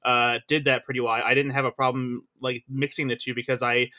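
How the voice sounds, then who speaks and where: Bright-voiced man, stumbling and casual. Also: mid-range voice, level tone, fairly quick. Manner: stumbling, many likes and repeated words. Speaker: podcast guest, film editor. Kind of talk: casual podcast discussion.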